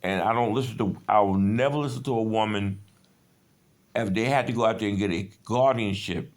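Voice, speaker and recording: Fairly low and brisk, the voice belongs to a man in his fifties who rambles through personal anecdotes. He gets agitated, curses freely, and keeps jumping to new tales.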